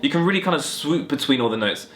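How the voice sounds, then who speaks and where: A young man teaching a singing warm-up lesson in a relaxed, friendly, chatty way, talking through stretches and vocal exercises. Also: fairly high pitch, fast talker, music in the background. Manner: relaxed, friendly and chatty, demonstrating hums and sung syllables. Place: home music room with guitars on the walls.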